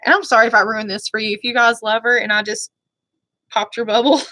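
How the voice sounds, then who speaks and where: Woman vlogger, bright higher voice, chatty and apologetic, dry close mic. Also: steady tone, fairly quick, dry recording. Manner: chatty, rambling, often apologetic. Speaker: beauty vlogger. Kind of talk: casual chat.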